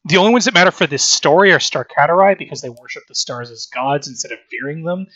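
Rambling sweary co-host, bright forceful tone, dry dull lo-fi sound. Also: mid-range voice, expressive, quick pace, no room sound. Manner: rambling, swears freely, exasperated critique. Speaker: podcast co-host. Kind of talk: casual chat.

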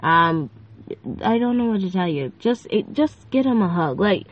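A woman's voice: mid-range voice, lively intonation, moderate pace, slight background noise. Chatty woman on a lo-fi phone mic. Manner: chatty, rambling, with frequent fillers and playful asides. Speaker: podcast host. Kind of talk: casual faith-based monologue.

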